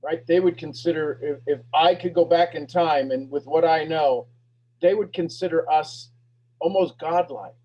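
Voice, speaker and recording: A man hosting a live motivational talk, energetic and preachy, repeating questions and swinging between loud bursts and hushed lines. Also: on the high side, moderate pace, breathy edge, highs cut off. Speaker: host of a motivational talk show.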